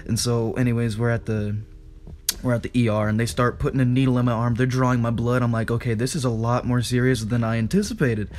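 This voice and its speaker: A young man co-hosting a podcast, telling a story in a casual, animated way with quick asides, laughs and swearing. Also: medium pitch. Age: young adult. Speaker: podcast co-host.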